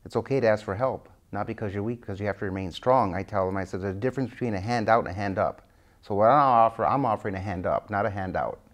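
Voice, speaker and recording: A man with a fairly low voice speaks as a guest author in an interview. He tells anecdotes with energy and voices the people he quotes. His delivery is conversational and earnest. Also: fast, muffled recording. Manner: animated anecdotes, acting out quoted dialogue. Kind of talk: interview storytelling.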